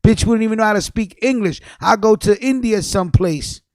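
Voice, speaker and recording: A man's voice: a little fast, no room sound. Profane ranting man, dry close sound. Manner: angry, profane, repeats himself, swings between low mutters and loud outbursts. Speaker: livestream host.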